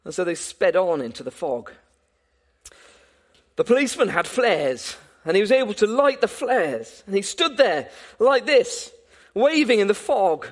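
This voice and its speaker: A man's voice: high-pitched, very animated, a little slow. A man preaching a sermon, earnest and often repeating words as he builds a point. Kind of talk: sermon with prayer and storytelling.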